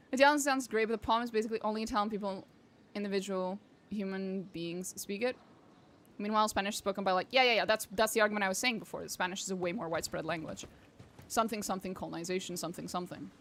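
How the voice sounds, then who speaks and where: A woman's voice: medium pitch, fairly even intonation, fast talker, fairly bright tone. A young woman streaming a game, chatting casually with her viewers, swearing and laughing often. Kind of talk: casual chat while gaming.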